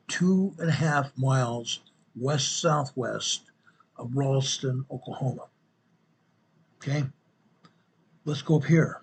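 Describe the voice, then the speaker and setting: Speaking slowly and pausing often, a medium-pitched man hosts an online show and walks viewers through a map in relaxed commentary. He repeats phrases for emphasis and addresses the audience as folks and guys, with slight background noise audible.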